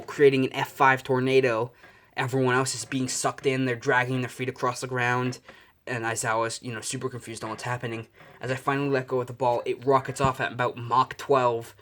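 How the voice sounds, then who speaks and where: A young man improvising a fan story out loud, rambling and correcting himself, swearing casually. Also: medium pitch.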